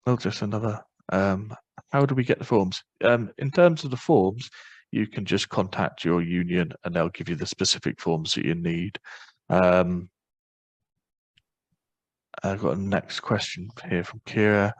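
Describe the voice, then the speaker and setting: Low-voiced man presenting a webinar. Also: dry recording, low-quality recording. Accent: Northern Irish. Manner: quick, informal explaining with many fillers. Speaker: webinar presenter on parental leave.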